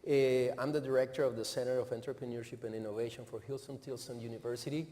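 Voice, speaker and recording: A man's voice: mid-range voice, fairly even intonation, quick pace, warm tone. Mexican-accented man on a panel. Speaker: panelist, center director. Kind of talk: panel discussion. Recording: reverberant hall, faint room noise.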